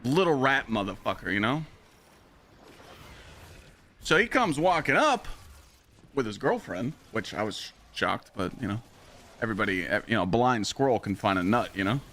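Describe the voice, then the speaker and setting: Profane, animated male streamer. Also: on the low side, normal speed, long pauses, slight background noise. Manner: profane, animated storytelling with acted-out quotes. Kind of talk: casual live-stream storytelling.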